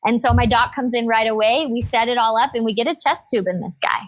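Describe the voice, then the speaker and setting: A woman in her thirties, a nurse and podcast guest, telling a story in an energetic, upbeat, animated way. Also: a little high, fast talker. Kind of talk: casual storytelling interview.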